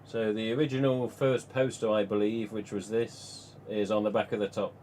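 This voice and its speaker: Guy rambling on a live stream, lowish voice, chuckles a lot, faint hum behind. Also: little pitch movement, moderate pace, darkish tone. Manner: chatty, rambling, frequent chuckles. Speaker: live stream host and collector. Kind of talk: casual live stream chat.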